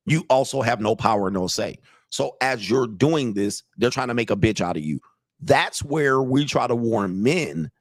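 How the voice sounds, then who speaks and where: A man's voice: mid-range voice, dry recording. Man, dating coach, emphatic, conversational, dry close sound. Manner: emphatic, conversational, repeats himself. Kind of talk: reaction commentary.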